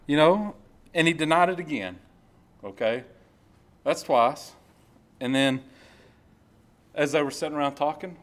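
A man's voice: medium pitch, animated. Conversational male preacher reading scripture. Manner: conversational, repeats phrases, reads scripture slowly. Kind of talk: informal sermon. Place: church service.

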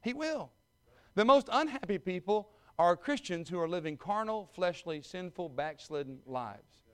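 Folksy preacher, high and clear. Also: male voice, animated, normal speed. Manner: folksy humor building to loud fervent preaching. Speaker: pastor. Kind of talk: sermon.

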